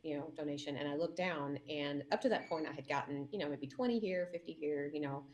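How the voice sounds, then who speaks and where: A woman's voice: deep voice, fairly quick, darkish tone. A woman who is a mayor, telling heartfelt campaign stories and acting out quotes with emotion. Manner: emotional, acts out quotes in her story. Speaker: guest mayor.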